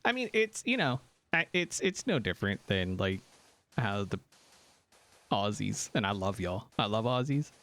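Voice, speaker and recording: A man with a lowish voice chats casually on a live stream at an unhurried pace. He's animated, joking around and reacting to viewers' comments in the chat.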